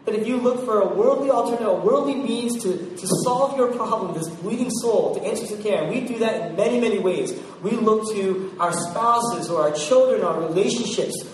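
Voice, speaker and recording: A man preaching a sermon, swinging from loud emphasis to hushed quiet. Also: high voice, a little fast, few pauses. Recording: very echoey, distant mic, faint noise.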